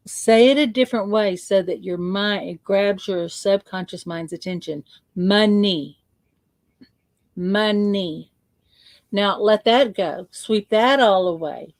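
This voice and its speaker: Slow playful woman leading a visualization. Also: medium pitch, a little mellow, dry recording. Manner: slow, playful, repeats words for emphasis. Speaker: spiritual coach leading a guided exercise. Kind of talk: guided visualization.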